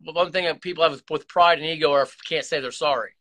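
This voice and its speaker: A man's voice: fairly high pitch, brisk, bright, forceful tone. A man hosting his own channel, talking earnestly and emotionally in a rambling confessional way, with many restarts and repeated words. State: emotional, close to tears. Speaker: YouTube channel host. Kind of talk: candid confessional vlog talk.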